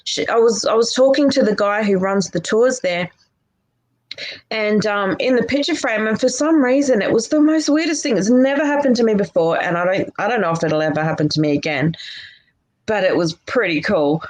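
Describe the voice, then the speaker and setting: A woman's voice: mid-range voice, normal speed, low-quality recording. A woman chatting casually as a guest, telling stories in a rambling way with restarts and laughter. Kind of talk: casual chat.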